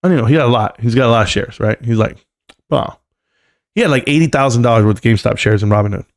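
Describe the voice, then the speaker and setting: Quick-talking and mid-range in pitch, a man rambles and jokes on his live stream, standing at his desk and addressing everyone as "bro" in a casual chat.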